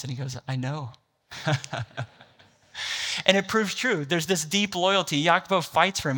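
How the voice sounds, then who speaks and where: Bright-voiced male pastor preaching. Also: medium pitch, long reverb tail. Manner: storytelling, building to an impassioned climax. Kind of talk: sermon.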